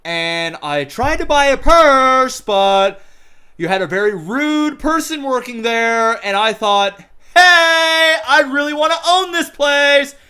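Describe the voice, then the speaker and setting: A man putting on a shrill, boastful woman talk-show mogul, drawing out and yelling his words. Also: expressive, takes it slowly, clean tone, heavily acted.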